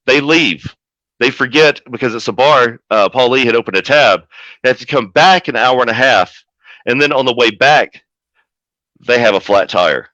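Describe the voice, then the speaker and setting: Bright-voiced man telling a profane brawl story. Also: mid-range voice, moderate pace, dry recording, dull audio. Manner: profane, animated storytelling with acted-out quotes. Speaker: wrestling manager guest. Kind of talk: casual storytelling interview.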